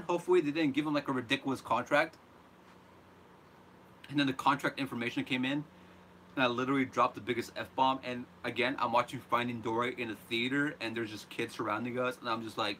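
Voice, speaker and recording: A man hosting a live reaction show, ranting in an animated, exasperated way. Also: medium pitch, a little fast, a little hiss or hum. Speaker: host.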